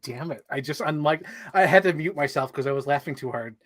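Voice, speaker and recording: A man's voice: fairly high pitch, brisk, fairly bright tone. A man hosting a casual toy stream, laughing often, teasing his guest and swearing casually. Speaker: podcast host. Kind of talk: casual chat about toys.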